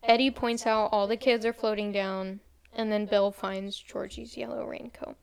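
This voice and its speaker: A woman's voice: medium pitch, fairly even intonation, creaky, clean tone. A young woman casually retelling a horror movie plot to a friend, quoting the characters as she goes. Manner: fast casual recap, quoting characters in a light voice. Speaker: storyteller retelling a film.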